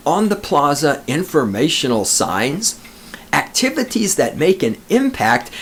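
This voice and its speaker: A man's voice: on the high side, a bit bright, a little hiss or hum. A man hosting a podcast, ranting alone in a sarcastic, profane, mocking way. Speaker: podcast host. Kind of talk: sarcastic solo podcast rant.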